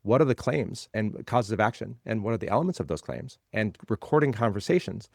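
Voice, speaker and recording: A man's voice: on the low side, animated, brisk, gravelly, dry recording, studio quality. A man being interviewed as a legal tech guest, explaining ideas in a conversational way and building points by repeating phrases.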